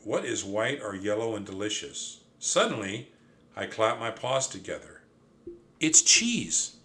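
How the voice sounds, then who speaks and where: A man narrating a children's adventure story in an expressive, lively reading. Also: on the low side, moderate pace. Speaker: audiobook narrator.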